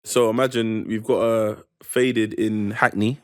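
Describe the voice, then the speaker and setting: A man's voice: on the low side, level tone, unhurried. A young man with a London accent telling a comic story, acting out the voices of the people in it and laughing as he goes. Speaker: panel guest telling a story. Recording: music and laughing crowd behind.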